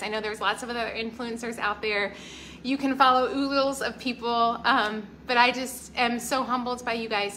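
A woman's voice: fairly high pitch, pushed and bright, slight background noise. A woman, hosting a home channel live stream from her kitchen and gushing thanks to viewers by name. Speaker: lifestyle channel host.

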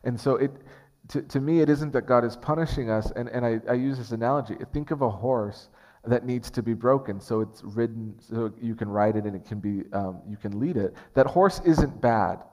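A man's voice: mid-range voice, moderate pace. A man preaching a sermon as pastor, earnest and conversational, often restarting his phrases. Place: church sanctuary. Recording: long church hall reverb.

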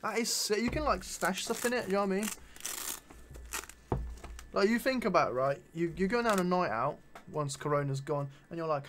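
A man's voice: high-pitched, a little fast, slight background noise. A young man chatting casually in a vlog, full of slang and swearing as he shows off his shoes. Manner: animated slangy banter with frequent swearing. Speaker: vlogger. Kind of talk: casual chat showing his shoe collection.

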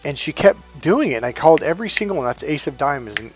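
A man's voice: a little high, fast, music in the background. Rambling man telling spiritual stories. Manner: rambling, animated, laughs while telling stories. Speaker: spiritual coach and video host. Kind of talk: casual storytelling monologue.

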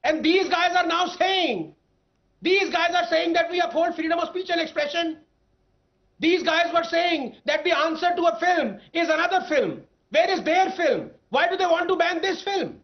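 A man's voice: extremely high pitch, moderate pace, dull audio. A man arguing emphatically as a panelist in a televised debate, rattling off long lists.

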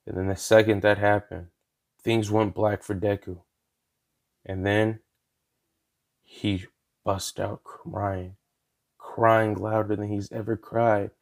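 A man's voice: lowish voice, level tone, slow, vocal fry, long pauses, darkish tone. Man casually telling a fan story. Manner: loose, slangy, with fillers and casual swearing. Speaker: storyteller, channel host.

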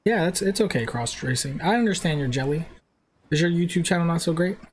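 A man's voice: fairly high pitch, animated, brisk. Guy in his 20s streaming a car game, brash and sweary, roaring engines behind. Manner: brash, swears, trades jabs with chat trolls. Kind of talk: casual live-stream chat. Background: racing game engine noise.

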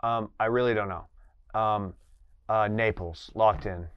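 A man competing in an office quiz, halting and stammering as he thinks out loud in casual chat. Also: lowish voice, steady tone, clean tone, lo-fi sound. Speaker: quiz contestant.

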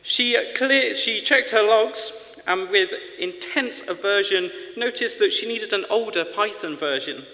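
A man's voice: high voice, unhurried, few pauses, sharp tone. A man reading a short rhyming story during a conference lightning talk, with some hesitant fillers. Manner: rhythmic read-aloud, hesitant fillers at the close. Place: large conference hall. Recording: long reverb of a conference hall.

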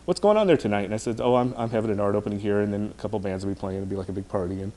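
A man with a lowish voice rattles off stories at a quick clip. He is a chatty, rambling storyteller, relaxed and casual as a podcast guest. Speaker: artist guest. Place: podcast interview.

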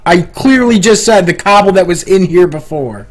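A young man chats casually while playing a game with a friend, his voice sitting a little high and swinging widely in pitch. He sighs a lot and sounds worn down by the teasing. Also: animated, normal speed. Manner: exasperated, sighing. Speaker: channel host and gamer. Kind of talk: casual gaming chat.

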